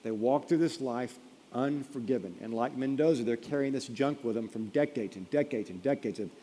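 A man's voice: mid-range voice, a little fast, slight background noise. Man preaching in a big echoing hall. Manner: storytelling, building to emphatic peaks then dropping quiet. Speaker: pastor. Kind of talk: sermon. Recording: long reverb of a large hall.

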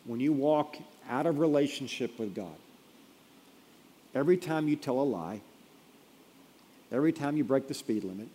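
A man preaching a sermon in a mellow, dark voice, building to loud emphatic peaks before falling to a hush. His voice rings out through a large hall with a long reverb tail. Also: mid-range voice, lively intonation, normal speed, pauses often, husky. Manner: storytelling, building to emphatic peaks then dropping quiet. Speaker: pastor.

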